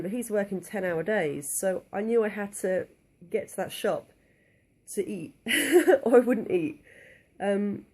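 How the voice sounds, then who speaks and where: A woman's voice: on the low side, dark tone. Young woman vlogging, slightly breathless. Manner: candid, chatty, many "um" and "like" fillers. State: a bit out of breath, blocked nose from a cold. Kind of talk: casual talk to camera.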